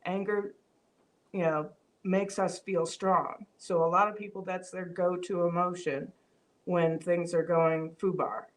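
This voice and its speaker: A woman's voice: on the low side, steady tone, a little slow. A woman hosting a live-stream vlog, talking reflectively with frequent fillers and restarts, reading viewer comments aloud. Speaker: vlog host. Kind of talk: casual live-stream talk.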